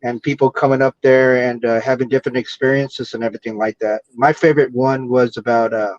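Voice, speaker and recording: A man from Texas telling a story in a halting way, full of fillers and restarts, over a video call. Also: mid-range voice, steady tone, a little hiss or hum. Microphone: computer or phone mic on a video call. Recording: dull lo-fi video call audio.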